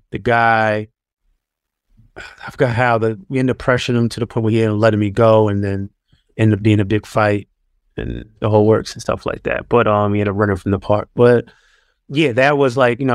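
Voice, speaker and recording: A man's voice: fairly low pitch, flat delivery, brisk, clean tone, dry recording, studio quality. A man, a former pro athlete, telling stories in a loose, casual interview style full of fillers and restarts. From New York. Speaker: guest, former pro basketball player.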